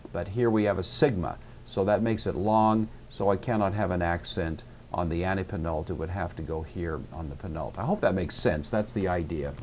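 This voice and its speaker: Brief: low-voiced middle-aged male teacher, methodical and patient, faint hiss under the recording. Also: a little mellow. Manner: patient, methodical, talks himself through each step. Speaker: Greek teacher. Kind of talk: recorded lecture walkthrough.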